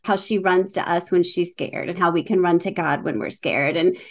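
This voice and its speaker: A woman's voice: fairly low pitch, moderate pace. A middle-aged woman, an author chatting as a guest on a video call and laughing often. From North Carolina. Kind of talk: casual interview chat.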